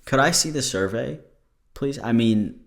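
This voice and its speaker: A man's voice: mid-range voice, lively intonation, unhurried, vocal fry. A tired man hosting a podcast, chatting casually in a joking, rambling way and swearing freely. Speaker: podcast host.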